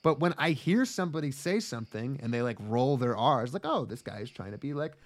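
A young man co-hosting a podcast in casual chat, profane and animated, often acting out quotes in silly voices. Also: mid-range voice, fairly quick. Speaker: podcast co-host.

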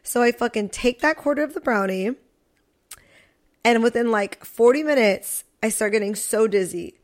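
Lively young woman telling a story. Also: on the high side, normal speed. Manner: animated, swearing, acts out quotes. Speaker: podcast co-host. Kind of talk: casual storytelling chat.

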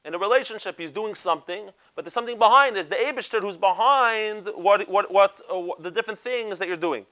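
Bright-voiced rabbi. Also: male voice, sits high, fairly quick, few pauses, lo-fi sound. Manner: mixes Hebrew and Yiddish terms, asks rhetorical questions. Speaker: rabbi teaching a class. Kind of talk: Torah class lecture.

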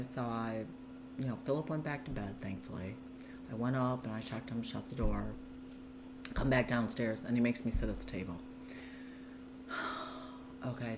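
A woman's voice: very deep voice, background noise. A woman as a guest, earnestly recounting her own story in conversation, with lots of "you know" and "like". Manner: earnest, tumbling narration full of "you know" and "like". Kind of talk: candid personal storytelling in conversation.

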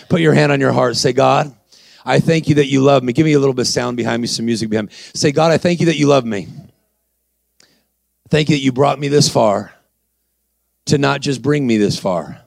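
Gravelly-voiced male preacher acting out a story. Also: medium pitch. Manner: acts out dialogue, calls to the crowd. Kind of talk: sermon storytelling.

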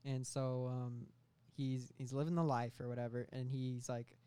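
A young man co-hosting a casual comedy podcast, telling a made-up film plot with lots of fillers and quick bursts of silly voices. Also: medium pitch, level tone, dark tone, smooth. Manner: rambling storytelling with many fillers and quick bursts of put-on voices. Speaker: podcast co-host pitching a film idea.

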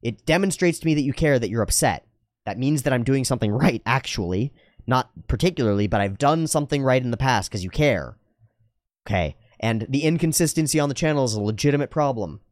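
A man's voice: mid-range voice, animated, fairly quick, no echo. Earnest, rambling man, close and dry. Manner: earnest, rambling, self-correcting. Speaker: channel host. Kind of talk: casual reflective monologue.

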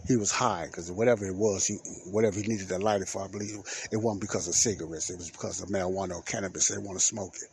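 A man's voice: steady tone, fast talker, vocal fry, hardly any pauses, a little hiss or hum. A middle-aged man hosting a podcast, telling a personal story in a rambling, repetitive way and acting out the quoted dialogue. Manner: rambling, repeats phrases, acts out quoted dialogue with raised pitch. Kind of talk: casual storytelling monologue.

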